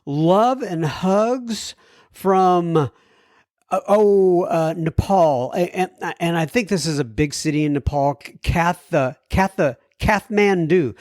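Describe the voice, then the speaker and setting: Reading out listener messages on his podcast, this American man speaks slowly in a somewhat high voice with lively intonation and a darkish tone. He tosses in chatty comments and trips over difficult words, recorded in studio quality with no room sound.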